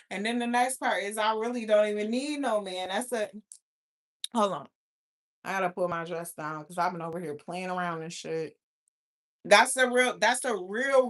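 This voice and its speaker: A young adult woman hosts a casual livestream chat on her own YouTube channel, talking brashly, swearing a lot and laughing often. Her voice is mid-range with a fairly bright tone.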